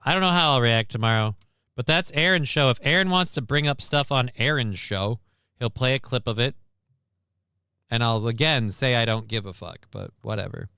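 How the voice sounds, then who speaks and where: A man's voice: medium pitch, moderate pace, sharp tone, clean tone, no room sound, clean studio sound. A man hosting a livestream, reacting to news clips in blunt, sarcastic casual commentary, swearing often. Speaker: livestream host.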